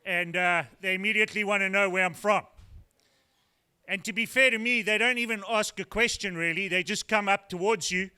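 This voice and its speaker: Older South African comic, high ringing voice, clean tone, dry wry storyteller pacing his punchlines. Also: moderate pace, sharp tone, clear, resonant tone. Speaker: stand-up comedian. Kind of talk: stand-up routine. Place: brewery taproom with live audience.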